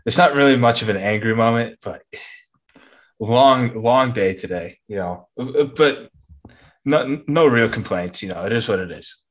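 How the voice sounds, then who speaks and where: A man co-hosting a casual podcast, talking in a low-key, rambling, relaxed way. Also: a little slow. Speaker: podcast co-host.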